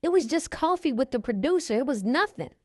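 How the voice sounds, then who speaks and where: A woman voicing a frightened woman trying to calm her angry partner. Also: high voice, fairly quick, no room sound, studio quality, pitched above the performer's own voice. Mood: pleading. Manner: pleading, placating.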